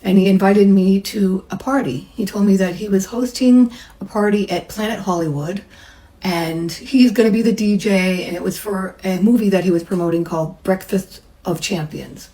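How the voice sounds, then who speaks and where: A woman's voice: mid-range voice, normal speed, mellow, rough recording. A middle-aged woman, a massage therapist, telling a personal story in a chatty way and acting out the people she quotes. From United States.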